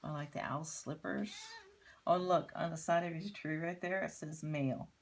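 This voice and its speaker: Older woman, grandmother, picture book read-aloud, low voice, gravelly. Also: moderate pace, slight background noise, rough recording. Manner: gentle, pointing out pictures. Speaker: grandmother reading to children.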